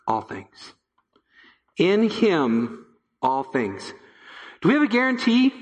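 A male pastor preaching a sermon to his church, emphatic, repeating key phrases and dropping to a low hush. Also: long reverb tail. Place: church sanctuary.

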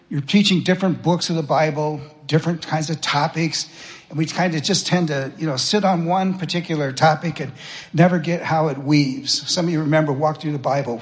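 Male preacher, casual and conversational, slightly raised pitch, echoing sanctuary sound. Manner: conversational, folksy preaching with rhetorical questions. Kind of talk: sermon. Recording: long reverb of a church hall.

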